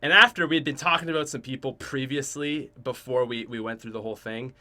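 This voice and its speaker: A young man in his twenties hosting a podcast, telling a rambling, joking story about himself with lots of restarts and sudden swings between loud and soft. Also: medium pitch, fast. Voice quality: chatty, joking, self-mocking. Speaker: podcast host.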